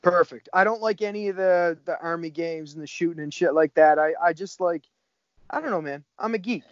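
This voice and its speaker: A man's voice: on the high side, a little fast, no room sound. Man, thirties, from Cape Breton, jiu-jitsu coach, casual swearing chat, dull lo-fi audio. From Cape Breton, Canada. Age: 30s. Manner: laid-back, swears often.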